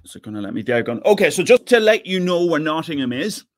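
A man's voice: a little high, very animated, fast talker, no echo. A middle-aged man with an Irish accent giving an online physics lecture, chatty and often repeating words as he thinks. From Ireland, near the Northern Ireland border. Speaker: physics professor giving an invited talk.

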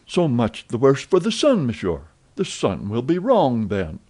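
A man voicing an excitable, talkative young French manservant in an audiobook, eager and full of exclamations. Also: medium pitch, moderate pace, pitched above the performer's own voice. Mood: excited chatter.

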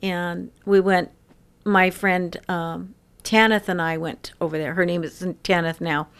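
A woman around sixty telling stories in an interview, lively and laughing often. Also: on the low side, measured pace, smooth. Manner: lively storyteller who laughs often and acts out quoted voices. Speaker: interview guest. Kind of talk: casual storytelling interview.

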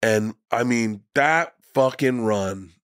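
A man's voice: mid-range voice, slow pace, fairly bright tone, no echo, studio quality. A middle-aged man, a guest comedian, telling rambling, profane anecdotes in casual conversation.

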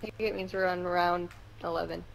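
A woman's voice: lowish voice, steady tone, a little fast, vocal fry, slight background noise, rough recording. A young woman playing a video game with her husband, answering in short, laid-back replies. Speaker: gamer. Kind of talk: casual gameplay chat.

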